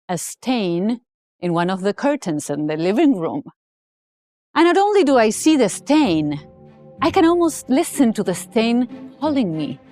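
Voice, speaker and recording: A middle-aged woman with a higher voice tells a motivational story, her pitch leaping all over as she acts out each moment. The sound is dry and close, with faint music underneath. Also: no room sound. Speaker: speaker.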